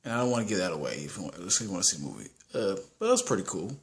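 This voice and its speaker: A man's voice: sits low, sing-song, rapid-fire. A man giving a casual, rambling movie review, full of restarts and slang.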